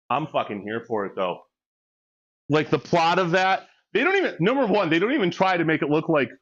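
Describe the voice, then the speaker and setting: Man in his 40s, cursing, cracks himself up, a bit higher-pitched voice, dull lo-fi recording. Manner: crude, joking, laughs often, excitable storytelling. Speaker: fitness vlogger. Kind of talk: casual chat between sets. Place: gym during a workout.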